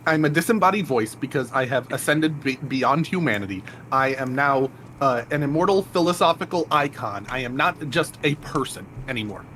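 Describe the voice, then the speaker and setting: A man's voice: medium pitch, lively intonation, moderate pace, pushed and bright, a little hiss or hum. Playful, goofy co-host man. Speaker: stream co-host. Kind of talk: casual stream chat.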